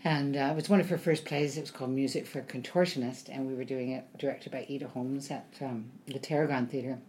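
A woman with a low voice chats as an interview guest, drifting into anecdotes full of ums and acted-out quotes. Faint background noise sits under her. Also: steady tone, fast talker, darkish tone. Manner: chatty storyteller with frequent ums, acts out quotes. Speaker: actor guest. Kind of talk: casual interview chat.

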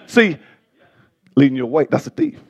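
A male pastor preaching a sermon with passion, stumbling over words and swinging between loud bursts and soft asides. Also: medium pitch, sing-song, normal speed, slightly rough.

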